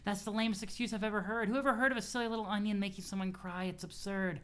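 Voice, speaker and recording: A reader voicing a strange, teasing teenage girl troll who talks slowly and mock-solemnly in a lowered voice. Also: steady tone, a bit bright, clear, resonant tone, lightly acted.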